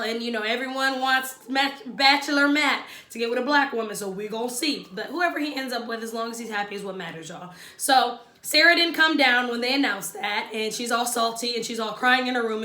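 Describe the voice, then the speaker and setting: Bright, sassy woman recapping a show. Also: fairly high pitch, echoey room. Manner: chatty and sassy, talks straight to viewers. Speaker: reality show recap vlogger. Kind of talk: casual opinionated recap.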